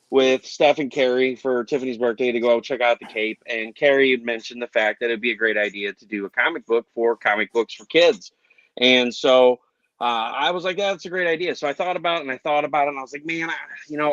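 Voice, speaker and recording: A man's voice: mid-range voice, fairly bright tone, no room sound, lo-fi sound. Guy hosting a chill podcast, rambly and upbeat, plugging stuff. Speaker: podcast host. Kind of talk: casual chat.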